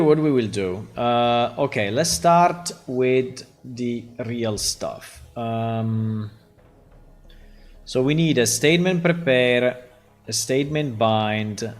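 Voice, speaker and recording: A man with an Italian accent, a game developer who thinks aloud while coding on a live stream and keeps checking in with "right?". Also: medium pitch.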